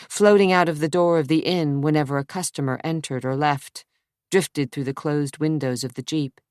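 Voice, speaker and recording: Low-voiced woman reading a thriller. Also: darkish tone, dry recording, clean studio sound. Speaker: audiobook narrator. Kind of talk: scripted narration.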